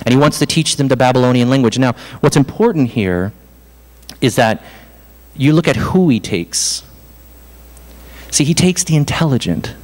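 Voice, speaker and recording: A man's voice: medium pitch, moderate pace, pauses often. Male pastor preaching in a reverberant hall. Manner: animated, conversational preaching with self-deprecating asides. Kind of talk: sermon. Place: church hall.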